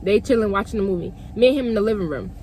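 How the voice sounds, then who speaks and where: Talking straight to her camera audience, a young woman vlogger shares a personal storytime tale, swearing and stressing her points. Her mid-range voice races along with lively intonation and a dark tone, and a slight hiss or hum is audible.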